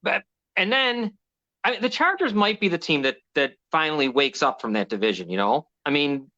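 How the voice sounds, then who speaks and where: A man's voice: on the high side, big pitch swings, moderate pace, sharp tone. A man hosting a casual sports show, rambling and hesitant, often restarting his sentences. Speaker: host. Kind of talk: casual sports betting chat. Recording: dull lo-fi sound.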